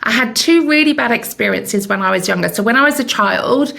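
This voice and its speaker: Gravelly woman in her fifties. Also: on the high side, animated, a little fast, bright, forceful tone. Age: 50s. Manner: candid, self-mocking humor. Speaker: podcast host. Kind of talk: personal storytelling monologue.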